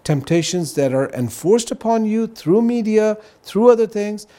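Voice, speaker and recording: Earnest man with a mellow voice. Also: high voice, expressive, moderate pace. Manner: earnest, explanatory, peppered with "right?" and "you know". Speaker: guest on a religious talk show. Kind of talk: casual explanatory talk.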